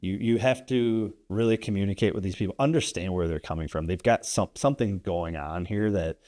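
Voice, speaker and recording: A man's voice: low-pitched, fairly quick, a little mellow, no echo, studio quality. A man, a landlord and investor guest, telling a story in casual podcast chat, rambling and tagging sentences with "right?".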